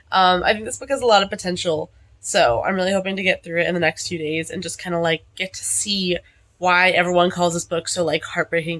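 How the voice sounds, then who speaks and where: A woman's voice: fairly low pitch, fairly bright tone. A young adult woman chatting casually in a reading vlog, rambling along with lots of "like" fillers. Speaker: book vlogger.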